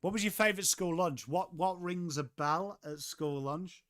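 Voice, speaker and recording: A young Englishman hosts a live football watchalong, with a fairly high voice for a man. He chats loosely, curses casually and greets viewers by name between bits of play-by-play. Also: moderate pace, fairly bright tone. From England. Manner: chatty, swears casually, reads out viewer chat. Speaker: livestream host.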